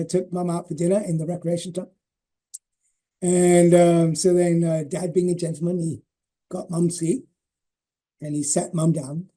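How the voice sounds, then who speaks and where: A man in his sixties telling family stories in a rambling, affectionate way for a legacy interview. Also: sits high. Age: 60s. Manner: warm, rambling, many fillers and restarts. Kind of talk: reminiscing personal storytelling.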